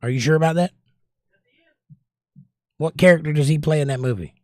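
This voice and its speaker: A man's voice: on the high side, a little fast, dry recording, clean studio sound. A Southern American man hosting a livestream, reading viewer comments aloud in a casual, chatty way and giving firm, opinionated takes. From Southern United States. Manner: opinionated, chatty, recommends movies with strong takes. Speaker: livestream host.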